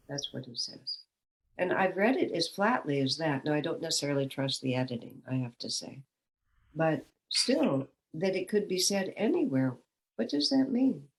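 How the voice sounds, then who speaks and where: A woman's voice: low voice, low-quality recording. A woman, a spiritual teacher, giving a reflective satsang talk and asking questions aloud.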